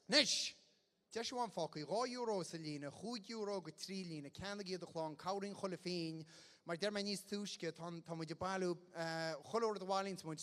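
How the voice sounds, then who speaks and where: A man's voice: high-pitched, fairly bright tone. A man with an Irish accent hosting a raffle on stage, joking and mixing Irish and English. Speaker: event host running a raffle. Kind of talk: bilingual stage announcing. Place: large indoor hall. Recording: echoey hall on a PA.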